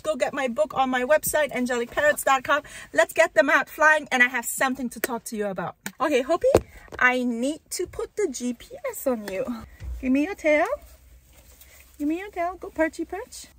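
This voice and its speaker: A bubbly woman with a very high, lively voice talks straight to camera while out in a sunny park. Her pitch jumps all over the place. A faint hum of outdoor noise sits behind her. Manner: bubbly and excitable. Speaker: vlogger and parrot owner. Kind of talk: casual outdoor vlog.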